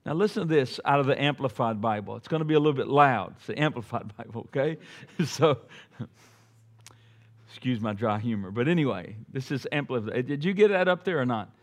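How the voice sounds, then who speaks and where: A middle-aged man preaching a sermon to a church congregation, talking conversationally and swelling to loud, emphatic peaks, with joking asides. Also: mid-range voice, lively intonation, fairly quick. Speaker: pastor. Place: church sanctuary before a congregation.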